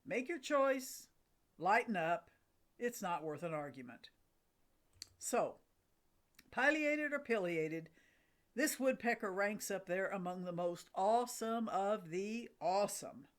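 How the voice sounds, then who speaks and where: Woman, middle-aged, host, slow delivery, mid pitch, enthusiastic, scripted narration. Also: animated. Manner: enthusiastic, with a light laugh. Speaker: host of a bird watching channel.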